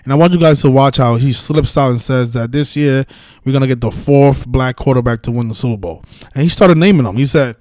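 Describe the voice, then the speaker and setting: A man hosts a casual live stream and rants in a heated, profane, rambling way, often restarting his sentences. His voice sits in a middle pitch and sounds dry and close, with no room echo. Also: a little fast, a little mellow. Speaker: sports betting video host.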